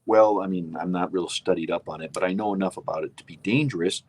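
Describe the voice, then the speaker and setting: A man's voice: sits low, fast. A man co-hosting a casual political chat show, emphatic and opinionated, rambling with restarts. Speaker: co-host.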